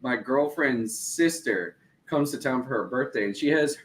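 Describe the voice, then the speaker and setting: A man's voice: medium pitch, moderate pace, rough recording. A man co-hosting a casual chat, telling profane, joking stories. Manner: profane, joking, animated storyteller. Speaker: co-host.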